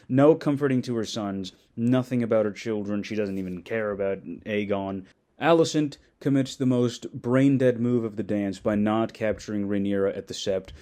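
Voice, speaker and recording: A man's voice: on the low side, moderate pace, mellow. A man ranting sarcastically in a commentary video, mocking and exasperated, with frequent swearing.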